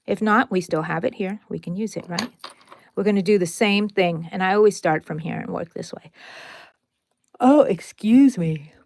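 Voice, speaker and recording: A woman's voice: medium pitch, fairly quick, vocal fry, dry recording. A woman hosting a casual crochet tutorial, chatty and playful, who talks viewers through each step with little asides and exclamations.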